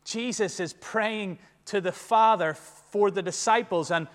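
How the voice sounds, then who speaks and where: A man preaching a sermon in a church, emphatic, swinging between loud declarations and hushed asides. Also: high voice, measured pace. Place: church sanctuary. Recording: long reverb of a large church.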